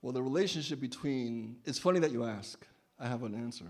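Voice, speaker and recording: A man's voice: mid-range voice, expressive, brisk. A man performing his own poem with a chanting, repetitive cadence, then talking about poetry. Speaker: poet. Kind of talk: poetry reading and discussion.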